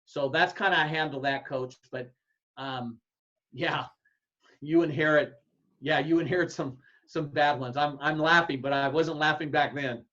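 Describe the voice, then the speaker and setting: A man, a football coach, giving blunt, folksy advice to other coaches and acting out his own yelled calls. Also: fairly high pitch, fairly even intonation, normal speed. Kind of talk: casual advice talk to coaches. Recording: dull lo-fi sound.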